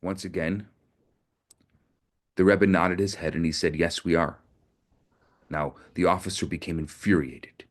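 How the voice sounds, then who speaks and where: A man's voice: sits low, fairly even intonation, moderate pace, pauses often. A man, a rabbi, giving an earnest sermon in a storytelling manner, often repeating words as he builds to a point.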